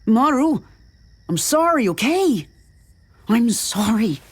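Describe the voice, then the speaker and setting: A woman voicing an agitated male scientist who snaps and shouts. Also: deep voice, very animated, a little slow, husky, heavily acted. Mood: distraught. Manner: snapping, shouting in distress.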